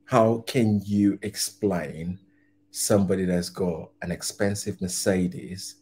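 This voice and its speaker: A man's voice: deep voice, fairly even intonation, slow, darkish tone, slight background noise. A man hosting a reaction video, commenting casually on a comedy clip, often laughing and rambling through restarts.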